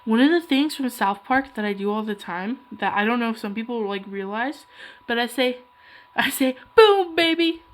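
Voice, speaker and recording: A young woman talks casually while she draws, her voice sitting a little high. She rambles from one aside to the next and pokes fun at herself as she goes. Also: normal speed. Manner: rambling, chatty, self-deprecating. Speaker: hobby artist vlogger. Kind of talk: casual chat while drawing.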